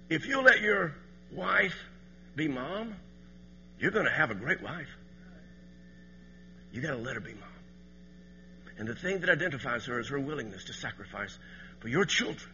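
A man preaching a sermon as pastor, swinging from quiet asides to loud emphatic passages. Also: mid-range voice, sing-song, normal speed, long pauses, husky, in a large hall, lo-fi sound.

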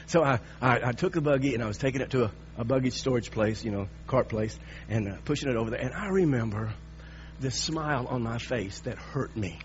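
A man's voice: mid-range voice, brisk. 60ish guy preaching, storytelling, restarts a lot, muffled audio w/ some hum. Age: 60s. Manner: animated storytelling with repeated restarts. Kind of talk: sermon with personal story.

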